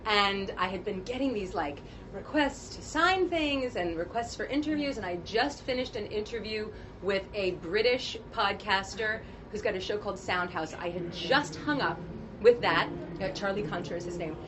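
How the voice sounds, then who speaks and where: A voice actress telling stories in an animated, laughing way during a casual convention interview. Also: female voice, medium pitch, moderate pace. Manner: animated, laughing often, acts out quotes. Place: convention media panel. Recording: noisy convention floor.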